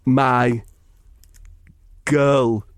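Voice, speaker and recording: A man voicing a dim young male footballer who answers one halting word at a time. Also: medium pitch, little pitch movement, dry recording. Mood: mumbling.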